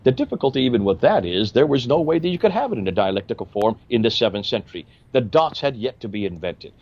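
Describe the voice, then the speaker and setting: A man's voice: mid-range voice, very animated, fast, no room sound, highs cut off. A man explaining at length in a discussion, emphatic and fond of rhetorical questions. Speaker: Christian apologist explaining history. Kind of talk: lecturing discussion.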